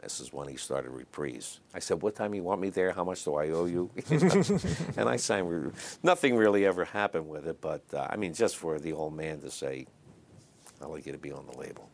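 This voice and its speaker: Older guy, super low voice with lots of gravel, rambling stories in an interview. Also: expressive, moderate pace, slight background noise. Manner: raspy, chatty anecdotes full of fillers. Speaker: interview guest. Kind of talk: storytelling in a casual interview.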